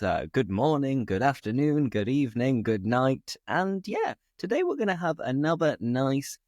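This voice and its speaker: A man's voice: normal speed, few pauses, no echo, studio quality. A man with a northern English accent, hosting a casual conversation show for English learners in an upbeat, bouncy way. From northern England. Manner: upbeat, bouncy, lively pitch. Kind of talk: casual chat.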